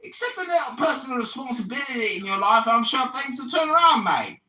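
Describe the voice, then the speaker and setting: A man in his forties hosting a livestream, shouting and mocking the other speaker with profanity. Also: very high voice, animated, fast talker. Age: 40s. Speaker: livestream host, political candidate. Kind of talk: heated livestream argument. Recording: roomy echo, distant from the mic.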